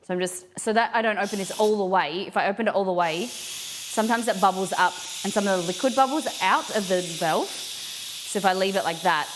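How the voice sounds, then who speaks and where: A woman's voice: mid-range voice, a little fast, noisy background. A woman streaming a live cooking session, thinking aloud and rambling with many restarts as she works in a home kitchen. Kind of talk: casual live cooking chat.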